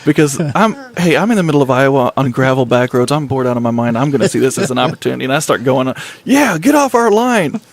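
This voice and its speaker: Male host, mid pitch, chatty storyteller, quick to laugh. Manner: animated storyteller, laughs often, acts out quotes. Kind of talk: casual group chat, storytelling.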